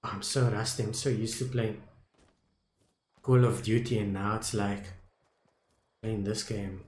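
A young South African man streaming a video game, talking casually to his viewers, muttering at times and loudly dismayed at others. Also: lowish voice, fairly even intonation, a little slow, roomy sound, slight background noise. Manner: talks to viewers as "dudes" and "boys", swings from muttering to loud dismay. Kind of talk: casual live gameplay commentary.

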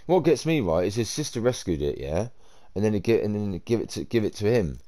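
A man's voice: fairly low pitch, sing-song, a little fast, mellow. A man giving casual, slangy gameplay commentary, chatty and blunt. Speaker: gamer streamer.

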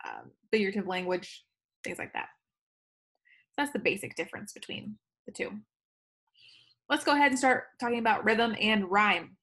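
A woman teacher with a medium-pitched, slightly bright voice talks through a recorded lesson in an easy, chatty way. Now and then she stumbles, corrects herself, laughs at the slip, and carries on.

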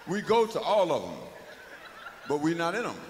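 A man performs a live spoken-word comedy monologue in a loose, rhythmic, profane storytelling manner. His voice is fairly high and swings widely in pitch. It rings through a hall, with a faint hiss behind it. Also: wildly swooping pitch, moderate pace. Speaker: comic storyteller.

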